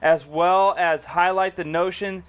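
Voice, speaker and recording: A young man talking in a relaxed, joking way, with a voice that sits a bit high for a man. He reads web pages aloud to a friend with loose asides and lots of "dude" and "bro.". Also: unhurried, clear, resonant tone, lo-fi sound. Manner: laid-back, joking, says dude and bro. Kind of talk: casual chat, reading web pages aloud.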